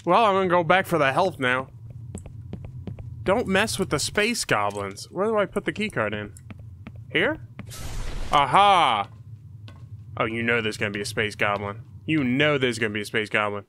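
Man, bright voice, excitable game commentary, jumpy yelps, faint hiss behind. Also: medium pitch, moderate pace, pauses often. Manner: jumpy, yelps and shouts at scares. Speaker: let's play host.

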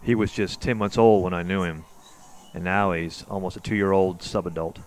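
A man calmly narrating his own documentary as a scripted voice-over, telling the story in a measured way. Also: low-pitched. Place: voice-over, recorded apart from the outdoor footage.

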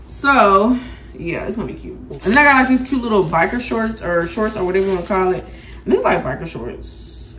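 A young woman vlogger talks her viewers through an unboxing in a loose, chatty way, full of slang and asides to "y'all". Her pitch sits in a middling range. A faint hiss of noise runs under the recording. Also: reverberant, far from the mic. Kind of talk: casual unboxing chat.

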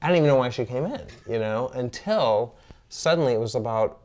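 A man's voice: medium pitch, a little fast. A man, a physician guest, telling a story in casual conversation and acting out the dialogue. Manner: animated, acts out quoted dialogue.

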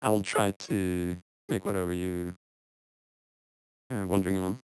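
A man's voice: low-pitched, steady tone, a little slow, darkish tone, clear, resonant tone, no echo, rough recording. A man talking through a robotic voice filter, hosting a casual live stream as a music producer and speaking in a hesitant, apologetic way. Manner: hesitant, apologetic, many fillers. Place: home studio.

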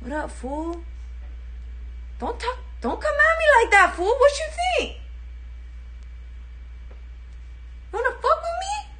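A woman's voice: extremely high pitch, expressive, slow, mellow, voice pushed up, exaggerated voice. A woman putting on a tough street-slang woman, aggressive and taunting. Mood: threatening.

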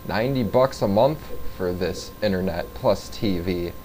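A man with a very low voice talks through his gameplay in an offhand, rambling way, cursing casually as he goes. Faint ambient noise sits behind him. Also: moderate pace, a little mellow, low-quality recording. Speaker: gaming video host.

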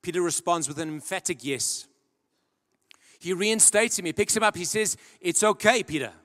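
A man preaching a sermon in earnest storytelling style, dropping to a hush and then rising to loud emphasis. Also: high-pitched, moderate pace. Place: large church hall. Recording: long church-hall reverb.

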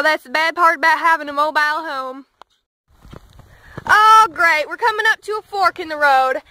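A woman playing a cheerful country farm girl with a Southern drawl, telling deadpan one-liners. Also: very high-pitched, no room sound. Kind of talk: comedy sketch.

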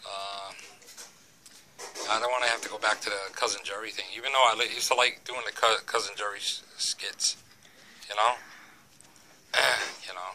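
Rambling older Boston man, bright voice. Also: lowish voice, fairly even intonation, moderate pace, pauses often, slight background noise. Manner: rambling, leans on "you know", folksy jokes. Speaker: vlogger. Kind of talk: casual home vlog chat. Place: at home.

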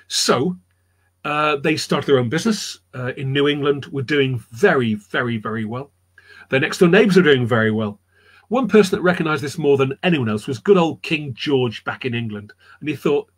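A man's voice: mid-range voice, expressive, normal speed, breathy edge. A man telling history anecdotes in a rambling, chatty way on a live chat show, repeating his words as he goes. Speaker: storyteller guest.

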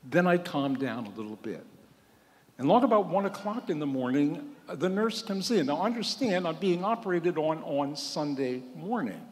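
A man in his seventies, a priest, telling a humorous personal story in a sermon and acting out the voices of the people in it. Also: fairly high pitch. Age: 70s. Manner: humorous, acts out quoted voices. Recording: long hall reverb.

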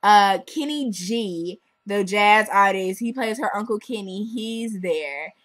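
A young woman reviewing a music video in a chatty, sarcastic, animated way. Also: mid-range voice, slow, no echo, poor audio.

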